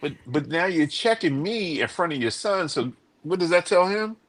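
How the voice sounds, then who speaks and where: A man's voice: on the high side, expressive, moderate pace, fairly bright tone, no room sound. A man on a live-streamed panel, talking bluntly and swearing freely as he tells stories and acts out other people's lines. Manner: blunt, profane storyteller who acts out quotes. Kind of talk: casual debate chat.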